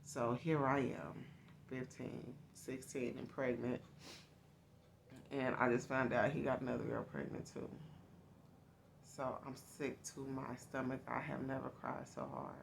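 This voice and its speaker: A woman's voice: very deep voice, level tone, unhurried, vocal fry, noisy background. A woman host telling her own life story to her viewers in a candid, confiding, casual way.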